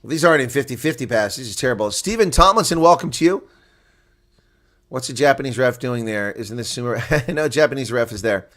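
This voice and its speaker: A man giving live play-by-play rugby commentary, excitable and rising to shouts at big plays. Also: mid-range voice, a little fast.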